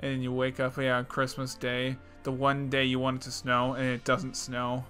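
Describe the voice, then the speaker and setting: A young man co-hosting a podcast, making edgy jokes with sarcastic, deadpan asides in casual chat. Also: mid-range voice, normal speed, soft background music. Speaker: podcast co-host.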